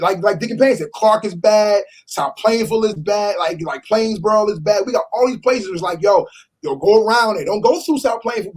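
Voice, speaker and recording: A man, his voice high for a man and husky, presses his points in a group discussion. He repeats lines to drive them home. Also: darkish tone, rough recording. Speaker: discussion panelist. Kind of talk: casual discussion.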